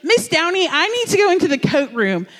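A man's voice: very animated, fairly quick, pushed and bright, long reverb tail, full character voice. Man doing a shrieking tattletale schoolgirl. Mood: whiny. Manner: shrill, shrieking. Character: shrieking showoff fourth-grade girl.

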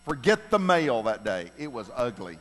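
A man's voice: medium pitch, normal speed. Middle-aged man telling stories in a hall. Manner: animated, builds to loud laughing punchlines. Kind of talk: humorous personal storytelling. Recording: long reverb of a large hall.

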